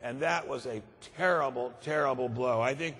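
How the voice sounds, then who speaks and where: A man's voice: mid-range voice, moderate pace, fairly bright tone, big-room sound. Grave older man giving a speech. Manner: grave, emphatic, repeats words for stress. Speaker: conference speaker. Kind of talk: keynote speech. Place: large conference hall.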